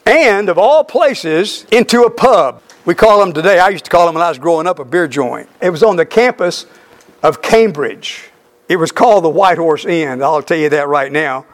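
A man's voice: on the high side, animated, moderate pace. A middle-aged man preaching a sermon, telling a story emphatically with repeated phrases.

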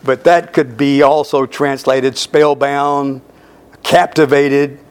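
A male pastor preaching slowly through a Bible passage, stressing key words and repeating lines for emphasis. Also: mid-range voice, flat delivery, clear, resonant tone. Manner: slow, emphatic Bible exposition. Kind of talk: sermon.

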